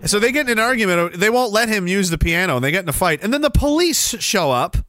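A man hosting a stream, giving sarcastic, mocking commentary on a video clip and breaking into shouts. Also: high-pitched, lively intonation, fast. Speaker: stream host.

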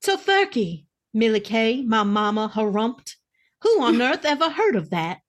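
A woman podcast co-host giving an expressive, animated dramatic reading of a book. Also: on the high side, measured pace.

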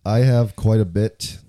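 Dark-voiced laughing podcast host, a man. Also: fairly low pitch, no room sound. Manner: laughs often, playful. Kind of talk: casual movie review chat.

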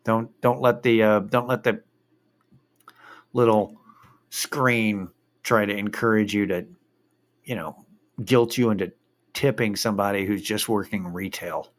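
A man's voice: fairly low pitch, steady tone, a little slow, long pauses. A man telling a rambling story in a casual monologue, swearing freely and drifting into a rant.

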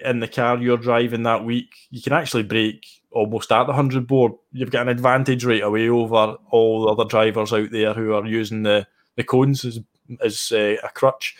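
A Scottish man talking as a guest on a podcast, casual and enthusiastic. His voice sits at an ordinary middle pitch, and he loops back over his words as he goes. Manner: chatty, enthusiastic, restarts phrases often. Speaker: guest sim racer. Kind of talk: casual interview chat.

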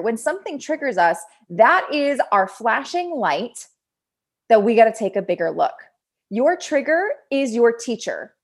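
A woman in her thirties gives a casual motivational talk on personal growth. Her voice sits a little high. She speaks with energy and acts out quoted self-talk along the way. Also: very animated, normal speed. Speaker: podcast host, personal development.

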